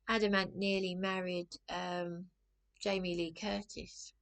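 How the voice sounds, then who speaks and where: A woman's voice: lowish voice, level tone, a little slow. A middle-aged woman telling a rambling personal story to camera, anxious and often breaking off mid-sentence. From England. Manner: anxious, rambling, self-interrupting. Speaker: vlogger.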